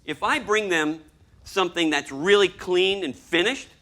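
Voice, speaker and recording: A man giving a lively talk to an audience as a storyboard artist, acting out scenes as he explains them. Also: sits high, unhurried. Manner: animated, acts out scenes and voices.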